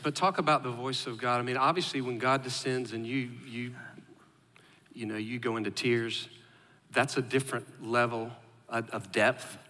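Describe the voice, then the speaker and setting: Male interviewer, conversational, probing questions, bright tone, echoey room. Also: mid-range voice, steady tone, moderate pace.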